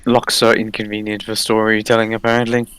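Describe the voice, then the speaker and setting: A woman doing a gruff, deep male commentator voice for dry, deadpan asides. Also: fairly quick.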